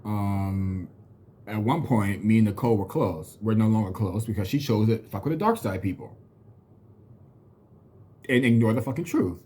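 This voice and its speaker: Male, 30s, husky voice; blunt, profane storyteller venting on a vlog. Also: fairly low pitch, normal speed, long pauses, darkish tone. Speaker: vlogger. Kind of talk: casual storytelling rant to camera.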